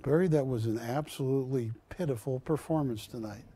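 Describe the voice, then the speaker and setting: A man's voice: mid-range voice, brisk, mellow, husky, voice pushed down, lightly acted. A man putting on a harsh, blunt male talent-show judge who speaks in a cutting, dismissive way. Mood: scornful.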